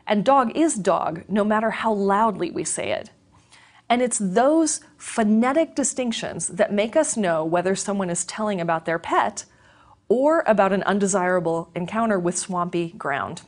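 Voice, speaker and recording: Woman lecturer, mid-range voice, clear measured explanatory read. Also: mid-range voice, expressive. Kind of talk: scripted educational lecture.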